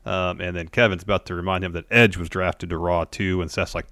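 A man with a fairly low voice recaps events in a measured, casual way, dropping in plenty of fillers. He co-hosts a podcast. The sound is dry and close-miked. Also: fairly even intonation, creaky, fairly bright tone, no room sound. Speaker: podcast co-host. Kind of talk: casual chat.

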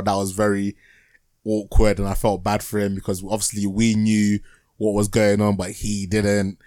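A man's voice: fairly low pitch, little pitch movement, a little slow, pauses often, darkish tone, no echo. Rambling, laughing man host. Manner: rambling, laughs often, many restarts. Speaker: podcast host. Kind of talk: casual chat reviewing a TV show.

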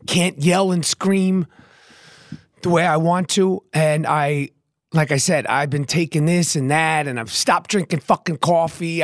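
A man hosting his own podcast, his voice hoarse and not at full strength, talking in a brash, profane, rapid-fire way and repeating catchphrases. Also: high-pitched, no echo, studio quality. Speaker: podcast host. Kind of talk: hyped solo podcast monologue.

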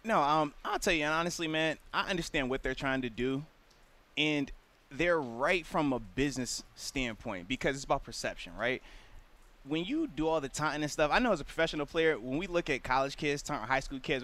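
A man with a notably high voice talks sports as a former pro player. He is earnest and explanatory, and dips low and quiet when he drives a point home. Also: animated, a little fast. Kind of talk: casual sports radio chat.

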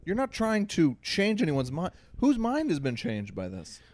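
Young man, podcast co-host, casual chat, animated storyteller, dry close mic. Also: fairly high pitch, dry recording. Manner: animated storyteller, quick asides.

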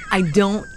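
A woman's voice: darkish tone, slight background noise. A woman in casual chat, playful and self-conscious, tripping over certain words.

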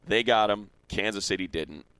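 Give me a man with a very low voice, arguing hard and emphatic on a sports talk show. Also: moderate pace, clean tone, no room sound. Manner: emphatic, animated, repeats words when heated. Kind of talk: casual sports debate.

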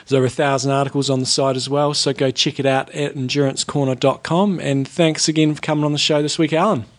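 A man hosting a podcast, chatting casually with a brisk, upbeat manner and reading sponsor spots. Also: mid-range voice, little pitch movement. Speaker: podcast host. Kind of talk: casual chat and ad reads.

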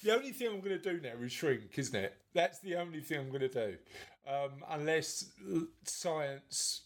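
A man's voice: fairly high pitch, expressive, moderate pace. A man, co-hosting a podcast in casual, jokey, teasing chat. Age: 40s. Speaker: podcast co-host.

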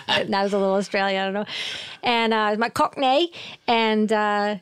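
A woman's voice: medium pitch, normal speed, clear, resonant tone, no echo. A middle-aged woman from Syracuse, New York, talking as a guest in a casual interview, candid and self-deprecating, with profane humor.

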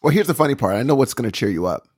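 A man's voice: medium pitch, expressive, very fast, darkish tone, breathy edge. A man co-hosting a casual podcast, playful and teasing with his friend. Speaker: podcast co-host.

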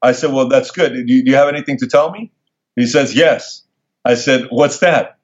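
A man telling a personal story as an interview guest, animated and acting out the people he quotes in a higher voice. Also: fast. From Middle East. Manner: animated, acts out quoted dialogue in raised voice. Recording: dull lo-fi sound.

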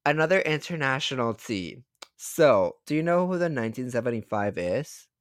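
A young man co-hosting a casual gossip podcast, slangy, excitable and swearing freely. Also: medium pitch, moderate pace, dry recording, clean studio sound. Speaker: podcast co-host.

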